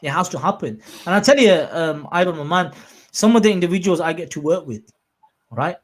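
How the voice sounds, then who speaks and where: A man hosting a podcast in casual chat, animated and quick to act out quotes in a raised voice. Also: high-pitched. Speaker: podcast host.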